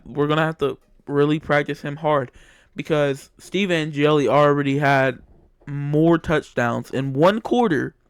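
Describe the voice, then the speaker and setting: A man's voice: a little high, clean tone, dry recording, clean studio sound. Heated young male sports fan. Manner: heated, repetitive, opinionated fan. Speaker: sports commentator. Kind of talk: casual sports opinion monologue.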